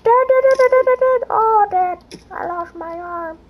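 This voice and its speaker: A young man putting on a panicky whining little boy who calls for his dad in a squeaky, shrill voice. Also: normal speed, phone-quality sound, slight background noise. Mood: panicked.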